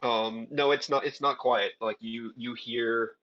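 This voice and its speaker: A man's voice: medium pitch, fairly even intonation, a little slow, dull audio. A man running a tabletop game as game master, describing scenes hesitantly with many fillers. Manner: hesitant, lots of um and like.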